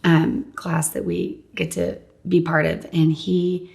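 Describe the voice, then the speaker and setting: Woman in her thirties, lowish gravelly voice, candid conversational faith testimony. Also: level tone, slow pace, a little mellow. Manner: candid, conversational storytelling with frequent "like". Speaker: guest sharing her testimony.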